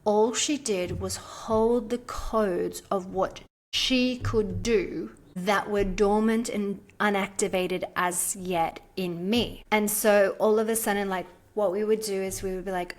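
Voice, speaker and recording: A woman's voice: mid-range voice, takes it slowly. A woman with a mid-range voice tells a personal story as a podcast guest. She talks casually and chattily, and she fills her sentences with "like" as she animatedly recounts what happened. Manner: chatty, frequent "like" fillers, animated retelling.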